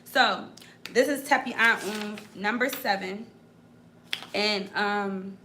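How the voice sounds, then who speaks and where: A woman doing a casual spiritual card reading for her viewers, animated and preachy, repeating phrases for emphasis. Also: medium pitch, slow pace, slight background noise.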